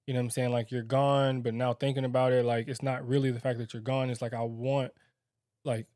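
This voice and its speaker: A man's voice: medium pitch, level tone, a little mellow, dry recording, studio quality. A young man co-hosting a married-couple podcast, talking candidly and reflectively, with many fillers and restarts. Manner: reflective, halting, filler-heavy. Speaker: podcast co-host.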